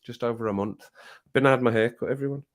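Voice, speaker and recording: A man's voice: mid-range voice, quick pace. A man chatting casually on a live stream, reading viewer comments aloud and laughing often. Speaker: music reaction streamer.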